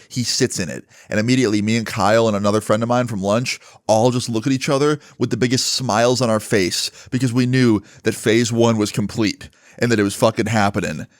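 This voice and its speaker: A man's voice: lowish voice, dry recording, studio quality. A man narrating a storytime in a casual, chatty way, swearing freely.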